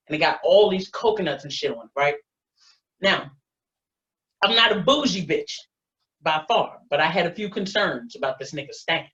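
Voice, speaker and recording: A woman doing a stand-up set, telling a profane, animated story. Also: mid-range voice. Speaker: stand-up comedian. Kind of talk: stand-up set on a video call. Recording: dull lo-fi online audio.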